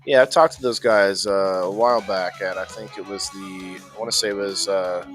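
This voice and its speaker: A man's voice: sits low, fairly even intonation, normal speed, faint music behind. A man hosting a casual indoor gardening live stream, chatting loosely with plenty of restarts. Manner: rambling, chatty, frequent restarts and laughs. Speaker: host of an indoor growing show.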